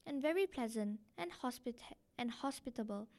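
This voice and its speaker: A woman's voice: a little high, lively intonation, moderate pace, darkish tone. A woman reading aloud as a sensible young wife and mother who answers politely and protests firmly. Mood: protesting.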